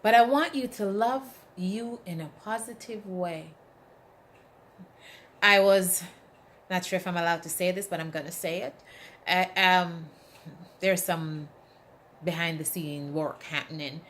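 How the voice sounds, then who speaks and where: Speaking unhurriedly and pausing often, a woman with a fairly low pitch gives an inspirational talk. She's a motivational speaker who stresses her points, asks "right?", and animates her stories by acting out quotes.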